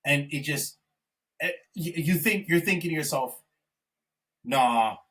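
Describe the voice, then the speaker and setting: Animated young man on a podcast. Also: fairly high pitch, unhurried, recorded from a distance. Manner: animated, swears often, says "bro" a lot. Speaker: podcast co-host. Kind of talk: casual chat.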